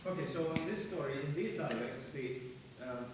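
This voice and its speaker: A man's voice: fairly high pitch, moderate pace, big-room sound, background noise. A man answering an audience question at a lecture, explaining patiently with frequent ums. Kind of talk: academic Q&A answer. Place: lecture hall.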